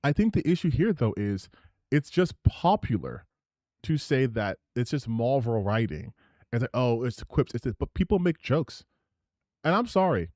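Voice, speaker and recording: A man hosts a live stream, talking over clips in loose reaction commentary. He rambles, restarts his sentences and keeps his pitch bouncing around. The sound is dry and close, with no room around it. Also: normal speed, no echo. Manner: animated and rambling, with many restarts. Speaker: streamer host.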